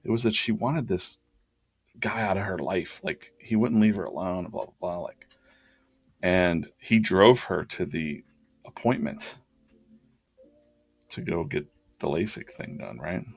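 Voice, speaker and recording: A man's voice: deep voice, a little slow, creaky, pauses often, no echo. A man hosting a drawing challenge, casually telling a rambling personal story and acting out the dialogue. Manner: rambling, animated retelling with quoted dialogue.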